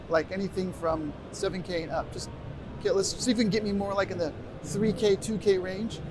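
Man, middle-aged, presenter, chatty, convention stage, stage microphone, noisy live room. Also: high-pitched. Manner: chatty, directing the sound crew. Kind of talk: live workshop talk. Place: convention stage before an audience. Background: room noise.

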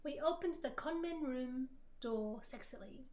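A woman streamer reading fan fiction aloud for laughs, with theatrical, loud, overblown quotes. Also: sits high, unhurried.

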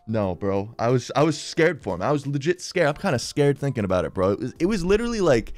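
A man's voice: mid-range voice, quick pace, no echo, soft background music. A young man telling a funny story in a casual vlog, full of "dude" and "bro". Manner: slangy, lots of "dude" and "bro", animated retelling.

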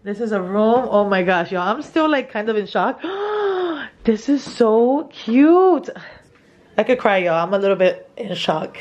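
A woman, giving an excited, gushing house tour for her vlog, filmed on a phone indoors. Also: mid-range voice, fairly quick, dull audio, slight background noise. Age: 30s. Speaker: vlogger. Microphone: handheld phone camera.

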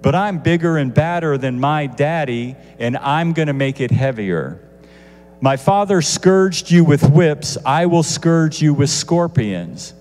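A man voicing a harsh, boastful young king, talking loud and cocky. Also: on the high side, expressive, measured pace, in a large hall.

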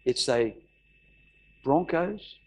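A middle-aged pastor tells a story from the pulpit, slipping into the voices of the people he quotes. His voice sits a little higher than most men's, and he repeats phrases for emphasis. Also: expressive, extremely slow, creaky. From Australia. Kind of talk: sermon storytelling.

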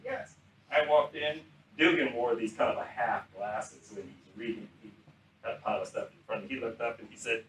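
A man's voice: mid-range voice, moderate pace, far from the mic, a little hiss or hum. Older man telling stories in an echoey room. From South Carolina. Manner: animated storyteller acting out quoted dialogue. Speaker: retired general giving a talk. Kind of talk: anecdotal storytelling talk. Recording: echoey room, speaker off mic.

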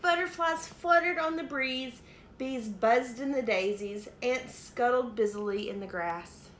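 A woman preschool teacher reading a picture book aloud to young children in an animated, sing-song way, in an echoey room. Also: on the high side, measured pace. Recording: echoey room, faint noise.

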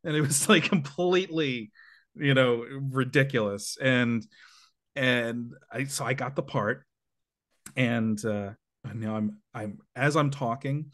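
A male actor joins an interview from home, wearing headphones at his mic. He recounts stories in a relaxed, earnest manner with easy fillers, his voice sitting at an everyday middle pitch. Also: slow. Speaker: actor and guest. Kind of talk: casual conversational interview. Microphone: headphones with a desk mic, at home.

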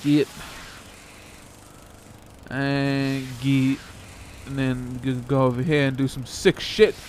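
A man's voice: medium pitch, little pitch movement, slow, a little mellow, slight background noise. A young man casually commentating a skateboarding game playthrough, joking, swearing and reacting as he plays. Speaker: gameplay commentator.

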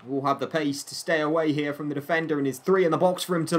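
A fast-talking young man with a highish, steady voice plays a football video game. As a gaming YouTuber, he commentates in mock broadcast fashion, joking around and occasionally bursting out in frustration.

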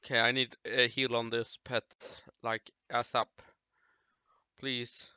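A young man in casual gaming chat, excitable and quick to react. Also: mid-range voice, clean tone, dry recording. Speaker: gamer. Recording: dull, lo-fi mic.

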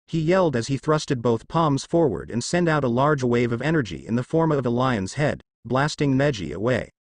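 Lively male story narrator. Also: medium pitch, normal speed, dry recording. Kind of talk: fan fiction story reading.

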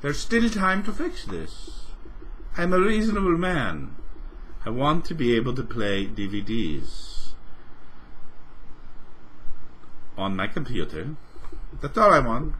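A man performing a comic character, an exasperated crank who rants sarcastically and bursts into shouting. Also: medium pitch, sing-song, unhurried, slight background noise, poor audio. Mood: weary. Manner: sarcastic rant that swings into shouting. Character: exasperated ranting man, easily outraged. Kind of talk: comedic character rant.

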